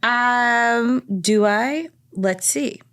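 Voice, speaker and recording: A woman's voice: fairly high pitch, fairly bright tone, clear, resonant tone. A woman co-hosting a podcast, playful and chatty, often echoing her co-host's words. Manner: playful, quick to laugh and echo her co-host. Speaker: podcast co-host. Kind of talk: casual chat.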